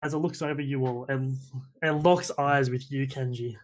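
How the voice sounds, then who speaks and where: A man's voice: mid-range voice, steady tone, normal speed. A man narrating a tabletop game as game master, hesitant and full of fillers and restarts.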